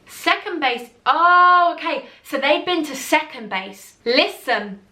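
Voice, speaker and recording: A woman's voice: high voice, expressive, slow pace, pushed and bright. A young woman telling a funny story to camera in a chatty, giggly way, acting out what others said. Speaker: beauty vlogger. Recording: echoey room.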